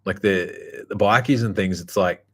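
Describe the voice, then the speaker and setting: A man with a very low voice holds forth in a loose, casual monologue. He talks bluntly, swears freely and keeps circling back with fillers and restarts. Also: measured pace, fairly bright tone. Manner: rambling, blunt and profane, full of fillers. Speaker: podcast host.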